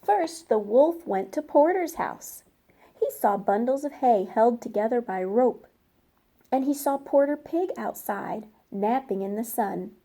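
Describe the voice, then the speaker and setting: A woman reading a storybook aloud to young children, gentle and slow, asking them questions as she goes. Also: fairly high pitch, lively intonation. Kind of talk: interactive storybook read-aloud.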